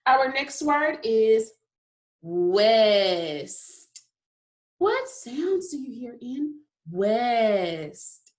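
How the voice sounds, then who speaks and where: Slow, encouraging kindergarten teacher woman. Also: on the high side, animated. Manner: slow, encouraging, sounds out letters. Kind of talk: recorded phonics lesson for young children.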